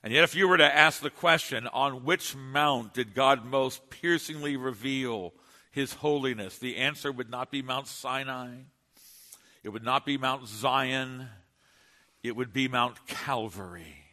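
A man preaching a sermon, emphatic, with dramatic pauses. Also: medium pitch, sharp tone. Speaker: pastor. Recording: long hall reverb.

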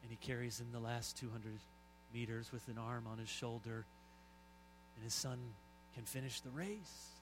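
A middle-aged man preaching a sermon, telling stories and swinging from soft asides to loud emphasis. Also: medium pitch, normal speed, background noise. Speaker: pastor.

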